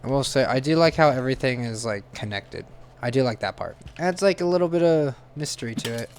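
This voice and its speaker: A man's voice: medium pitch, expressive, a little fast, a little hiss or hum. Tense, cursing young man playing a game. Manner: tense, swearing, jumpy outbursts. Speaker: gaming channel host. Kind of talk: casual gameplay commentary.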